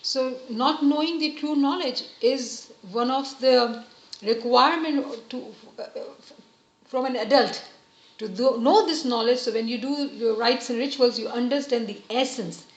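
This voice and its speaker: A woman giving an earnest, gentle religious lesson, explaining each point patiently. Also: fairly high pitch, measured pace. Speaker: religious teacher. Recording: roomy, slightly dull recording.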